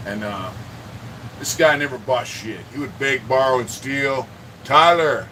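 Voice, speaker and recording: A man chatting on a livestream from his home art studio, cursing freely and greeting viewers by name. He sits back from the mic, and an air conditioner hums loudly behind him. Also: medium pitch, a little slow, recorded from a distance, background noise. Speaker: livestream host. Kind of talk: casual livestream chat.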